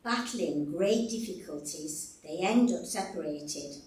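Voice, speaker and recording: A woman preaches at an unhurried pace with a lively, rising-and-falling voice. Her delivery is deliberate and warmly expressive. Her voice echoes around a roomy church hall, picked up from a little way off the microphone. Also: on the low side, distant mic. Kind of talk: sermon. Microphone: stage microphone.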